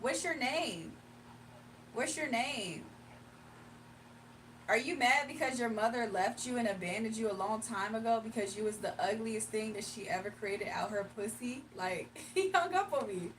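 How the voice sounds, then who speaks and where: A woman's voice: a little high, fairly quick, hardly any pauses, distant mic, slight background noise. A woman hosting a livestream in casual chat, mocking and blunt, laughing often. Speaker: livestream host.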